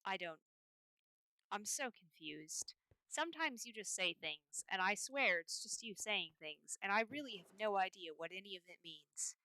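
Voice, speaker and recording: A woman's voice: mid-range voice, lively intonation, normal speed, sharp tone, no room sound. A woman streamer chatting in character during a game, scattered and rambling as she talks to her chat. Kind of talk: in-character roleplay chat while gaming. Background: faint background music.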